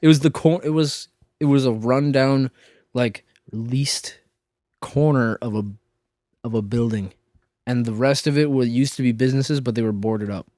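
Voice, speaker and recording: A man's voice: medium pitch, moderate pace, mellow, dry recording. A man tells an embarrassing story to a friend in loose, rambling chat. He leans on "like" fillers and restarts his sentences. The mic is close and the sound is dry. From Minnesota. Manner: rambling, lots of "like" fillers, self-interrupting. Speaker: podcast co-host.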